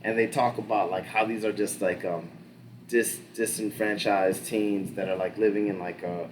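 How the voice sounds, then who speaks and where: A man's voice: lowish voice, steady tone, normal speed, a little hiss or hum. A man talking loosely as a podcast co-host, rambling through a show recap with lots of fillers, restarts and casual swearing. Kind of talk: casual pop-culture discussion.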